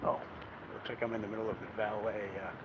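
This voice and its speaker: A man's voice: fairly low pitch, little pitch movement, quick pace, dull audio. Rambling man vlogging outdoors. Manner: rambling, chuckling, many fillers. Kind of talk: casual vlog chat. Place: outdoors on city streets. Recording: loud outdoor street noise. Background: loud traffic and street noise.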